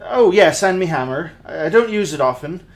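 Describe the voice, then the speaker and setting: A man voicing a huge, gentle, pacifist male firbolg paladin in a put-on rustic folk accent, friendly and bumbling. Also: a little high, lively intonation, moderate pace. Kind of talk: in-character introduction.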